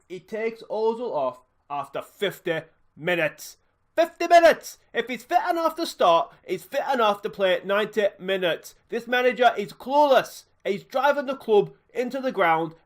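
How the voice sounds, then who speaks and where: A man voicing an angry football fan who rants and shouts at a street reporter. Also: fairly high pitch, lightly acted. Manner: furious shouting rant.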